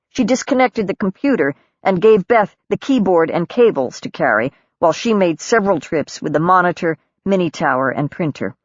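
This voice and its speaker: This woman's fairly low-pitched voice carries a calm, measured audiobook reading of a novel. The scripted narration has no room sound, but the recording itself is dull and lo-fi.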